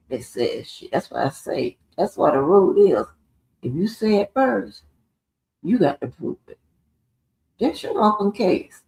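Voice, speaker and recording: Swearing heavily, a woman rants on her live stream in a confrontational, profane monologue. Her mid-range voice carries vocal fry and a dark tone, echoing in a roomy space.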